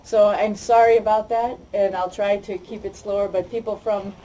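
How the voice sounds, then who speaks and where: A woman from Boston with a Boston accent, giving a fast, chatty public talk to an audience as a guest speaker. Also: medium pitch, level tone, dark tone, recorded from a distance, a little hiss or hum, rough recording. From Boston, United States. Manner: fast-talking, chatty, self-deprecating.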